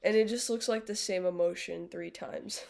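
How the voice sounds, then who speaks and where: A woman's voice: mid-range voice, fairly even intonation, moderate pace, creaky, a little mellow. A young adult woman live-streaming, chatting casually with viewers in a blunt, sarcastic way, swearing freely. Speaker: livestreamer.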